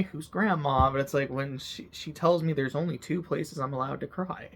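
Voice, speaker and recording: Young male anime host, slightly high voice, emotional and laughing, casual, swears a lot. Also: unhurried, fairly bright tone. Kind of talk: casual personal commentary.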